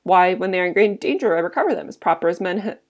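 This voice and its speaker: A woman's voice: fairly low pitch, animated, racing, lightly acted. A woman reading the lines of a playful, evasive male cobbler, answering in roundabout puns. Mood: teasing. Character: joking, evasive male cobbler from old Rome.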